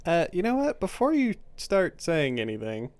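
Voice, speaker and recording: A man's voice: on the high side, huge pitch swings, normal speed, darkish tone, dry recording. A man playing in a tabletop game, casually asking and checking details. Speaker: player.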